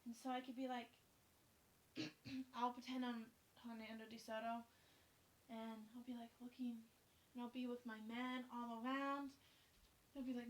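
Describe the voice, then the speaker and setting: A woman's voice: on the high side, steady tone, unhurried, pauses often. A young adult woman teaching a class, explaining things step by step in a friendly, chatty way. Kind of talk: classroom instruction.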